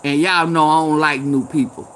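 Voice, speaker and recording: A tipsy woman, hosting a casual live chat, loud and laughing, swearing and calling out viewers by name. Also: deep voice, a little hiss or hum. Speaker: live stream host.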